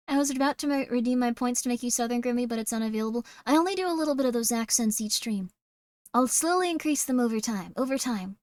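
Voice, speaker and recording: Young woman, streamer host, rambling casual commentary, slightly high voice, dry close sound. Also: fast, darkish tone, dry recording. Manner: rambling, chatty, filler 'like'.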